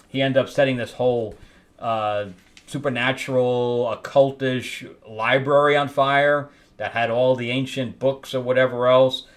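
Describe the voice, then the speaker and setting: A man hosting a casual comic book review, rambling and exasperated, with laughing asides. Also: medium pitch. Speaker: host.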